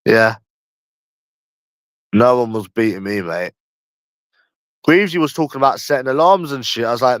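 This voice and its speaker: A man with a London accent hosts a casual livestream chat, rambling and repeating himself, sometimes dragging his words out slowly, with slang and swearing. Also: medium pitch, animated, a bit bright, no room sound. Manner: rambling and repetitive, often slow and drawn out, with slang and swearing. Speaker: livestream host.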